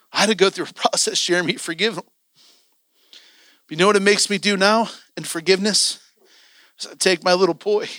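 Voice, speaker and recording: Man, impassioned sermon, high bright voice, dry close sound. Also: no room sound. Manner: impassioned, urging the congregation. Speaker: preacher. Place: church.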